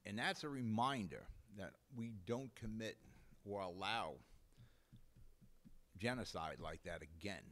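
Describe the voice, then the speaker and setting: A New man hosts a live local talk show in a blunt, indignant rant. His pitch swings widely as he works himself up. He curses freely and talks straight at the viewer. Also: lively intonation, unhurried, long pauses, fairly bright tone. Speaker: host.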